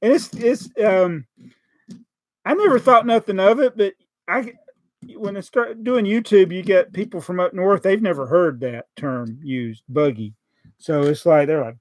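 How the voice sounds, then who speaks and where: A man's voice: high voice, lively intonation, unhurried, long pauses, a little mellow, no room sound. A man with a Southern American accent, chatting casually on a live stream as he builds a toy set, joking and reading out viewer comments. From Southern United States.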